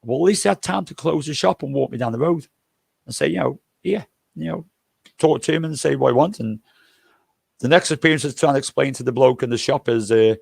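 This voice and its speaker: Dry, close audio with no room sound captures an older man hosting a livestream, his gravelly mid-pitched voice a little mellow and fairly quick. He spins casual, joking travel tales laced with profanity and keeps returning to points he's already made.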